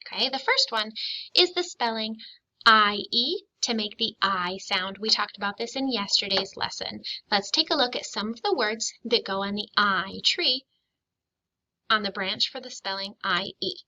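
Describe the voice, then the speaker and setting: A woman teaching a recorded phonics lesson to young children, speaking slowly and clearly, stretching out sounds and syllables and pausing after her questions. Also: medium pitch, bright, forceful tone, rough recording. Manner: asks questions and pauses for children to answer.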